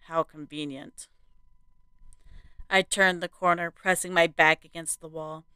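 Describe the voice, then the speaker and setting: A woman hosting a podcast and narrating a horror story in a hushed, suspenseful manner. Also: lowish voice, steady tone, unhurried, smooth, no echo.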